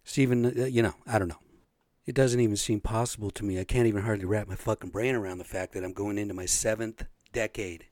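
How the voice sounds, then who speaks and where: A man in his late fifties hosts his podcast in a blunt, rambling, profane monologue. His voice sits a bit low. The sound is dry and close, with no room around it. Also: fairly even intonation, fast, a little mellow, no echo. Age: 50s. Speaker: podcast host. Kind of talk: casual monologue.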